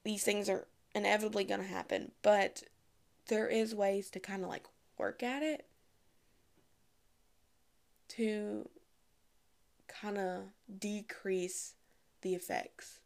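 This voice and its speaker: A young woman giving casual, candid advice to the camera, chatty and frank, with lively asides. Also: mid-range voice, slow pace, gravelly, long pauses. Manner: chatty, candid, acts out quoted voices.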